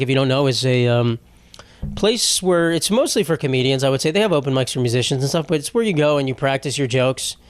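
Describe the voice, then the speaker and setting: Slightly high-voiced rambling podcast host. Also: male voice, clean tone, no room sound. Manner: rambling, profane storytelling. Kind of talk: solo podcast monologue.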